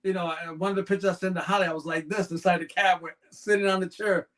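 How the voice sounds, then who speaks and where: A man's voice: sits high, fairly even intonation, quick pace, a bit bright. A man chatting as a podcast guest, telling long rambling stories peppered with "you know". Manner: rambling storyteller, constant "you know" fillers. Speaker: podcast guest, snake breeder. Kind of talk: casual anecdotal chat.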